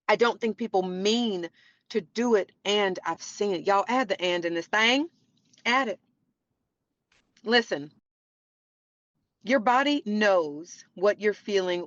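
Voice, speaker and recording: A woman hosts a faith-based motivational podcast, speaking earnestly and preachily to her listeners and saying "y'all" often. Her voice is medium in pitch. The recording is muffled, with no room sound.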